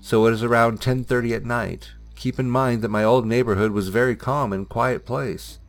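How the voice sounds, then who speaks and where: A man narrating listener-submitted ghost stories in a measured, suspenseful reading style. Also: medium pitch, steady tone, vocal fry, faint music behind. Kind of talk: scripted storytelling narration.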